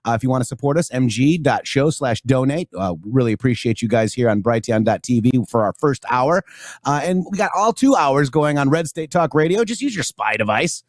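A man co-hosts a live-streamed talk show in a relaxed, rambling way, reading out viewer comments as he goes. His voice sits at an ordinary pitch. The sound is dry and close to the mic. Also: a little fast, dry recording. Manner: loose, rambling, reads viewer comments aloud.

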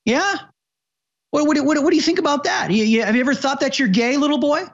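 Sly creepy teacher put on by a man, high-pitched and stammering, recorded on dull lo-fi audio. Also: fast. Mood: mocking. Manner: leering, stammering, pushy questions. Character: sly adult male teacher grooming pupils.

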